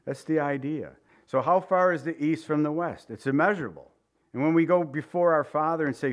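A man's voice: on the high side, a little fast. A man preaching a sermon, telling stories with chuckles and acting out the voices of the people in them. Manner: animated storytelling with chuckles and acted-out voices.

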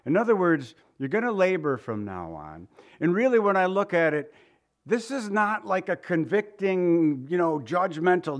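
A pastor preaching a sermon, a man whose voice sits a bit higher than most. He keeps it conversational and deliberate, repeating short phrases and turning to his listeners with rhetorical questions. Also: big pitch swings.

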